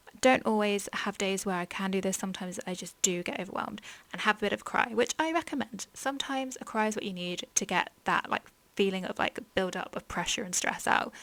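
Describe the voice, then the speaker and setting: Fast-talking, gravelly young woman. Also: mid-range voice, fairly bright tone, dry recording. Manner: rambling, frank, fillers like "like" and "um". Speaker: podcast host. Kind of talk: candid personal chat about mental health.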